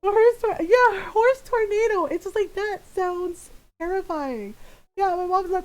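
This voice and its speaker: Woman streamer with a high voice; animated, casual storyteller who laughs often. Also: measured pace.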